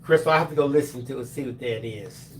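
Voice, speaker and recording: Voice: mid-range voice, quick pace, a little hiss or hum. A co-host on a crafting livestream who reads viewer comments aloud and jokes around casually. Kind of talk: casual live-stream chat.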